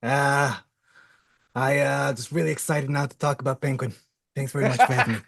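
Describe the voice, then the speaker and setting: A man's voice: mid-range voice, steady tone, fairly quick, gravelly, a bit bright, dry recording, studio quality. A man guesting on a casual film podcast, laid-back and chuckling.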